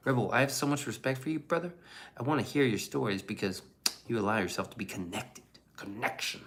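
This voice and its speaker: A man's voice: medium pitch, a bit bright. A man hosting a casual livestream and reading the chat aloud, in a blunt, profane and rambling way.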